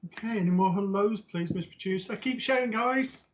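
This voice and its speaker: A man's voice: sits high, normal speed, dull audio. A man co-hosting a live psychic show, reading out viewer greetings and questions with a teasing manner. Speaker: psychic medium co-host.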